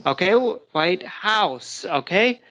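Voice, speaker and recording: A woman's voice: on the low side, lively intonation, slow pace, a bit bright. An American woman teaching a live English pronunciation lesson, patiently explaining step by step and checking in with her listeners. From United States.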